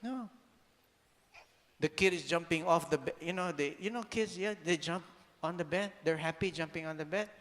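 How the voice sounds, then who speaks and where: A man giving a motivational talk to an audience, animated, firing rhetorical questions and now and then raising his voice to a shout. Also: a little high, normal speed. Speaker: speaker. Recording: long hall reverb.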